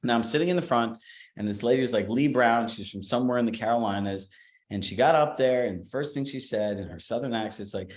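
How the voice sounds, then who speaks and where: Male business coach, animated and emphatic, mid-pitch, recorded in a roomy echo. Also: quick pace. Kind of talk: coaching seminar talk.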